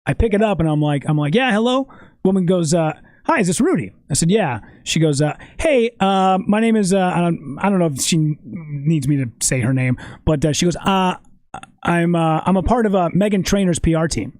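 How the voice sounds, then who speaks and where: A man telling a story in a casual podcast chat, animated and swearing often. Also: on the high side, moderate pace, no echo. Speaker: podcast guest.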